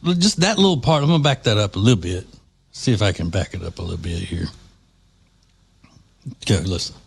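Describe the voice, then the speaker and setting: A man's voice: fairly low pitch, brisk, gravelly, slight background noise. A man hosting a commentary podcast, talking in a chatty, sarcastic, mocking way about a clip he plays. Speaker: podcast host.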